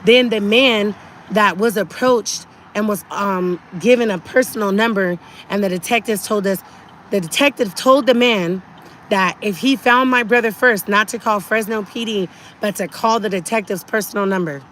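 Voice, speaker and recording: A woman's voice: medium pitch, normal speed, fairly bright tone, slight background noise. A woman talking urgently and indignantly to her viewers on a live stream from a car, often repeating herself. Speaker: livestreamer.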